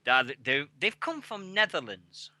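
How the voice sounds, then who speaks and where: Man, radio host, sweary rambling chat, sharp forceful tone, dry close headset sound. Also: sits high, sing-song, unhurried, no echo. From England. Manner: sweary, rambling, laughing at himself. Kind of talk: casual chat on a web radio show.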